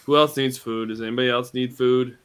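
A man's voice: medium pitch, fairly even intonation, brisk, smooth. A man playing a tabletop game, chatting casually and eagerly, with a joking manner. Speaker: player.

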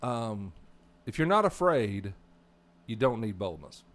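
A man's voice: lowish voice, very animated, takes it slowly. Rambling South Arkansas man storytelling. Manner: rambling storyteller, many restarts. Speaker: podcast co-host. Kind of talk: casual faith discussion.

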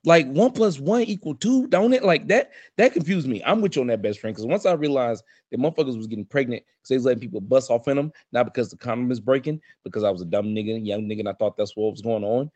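A man, co-hosting a casual podcast chat and ranting in a profane, animated way. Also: mid-range voice, fast talker, hardly any pauses, no echo. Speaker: podcast co-host.

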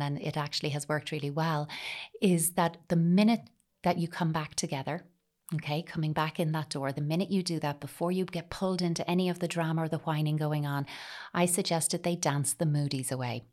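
Woman, low register, calm reassuring parenting coach tone. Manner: calm, reassuring, acts out child voices briefly. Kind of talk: advice talk.

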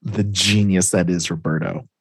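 A man's voice: sits low, steady tone, moderate pace, slightly rough, no echo. A man co-hosting a podcast, recapping comics in casual chat, laughing often and acting out characters' lines. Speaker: podcast co-host.

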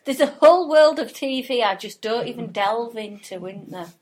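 A woman co-hosts a live podcast recording. Her voice is high and lively, swooping up and down as she trades quick, teasing remarks. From Yorkshire, England. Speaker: podcast co-host.

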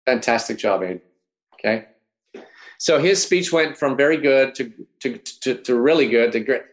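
A man hosting an online talk, coaching in an energetic way and often checking in with his listeners. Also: mid-range voice, moderate pace. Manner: energetic, coaching, keeps asking "right?". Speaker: host and speech coach.

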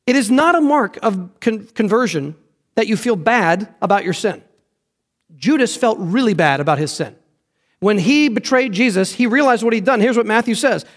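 A man's voice: high voice, expressive, moderate pace. A man preaching a sermon as pastor, earnest and emphatic, repeating key phrases for weight.

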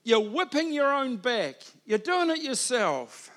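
A high-pitched man preaches a church sermon. He talks like a friend, drifting into asides and then driving points home with emphatic bursts. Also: sing-song, a little slow, a bit bright. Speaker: pastor. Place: church hall.

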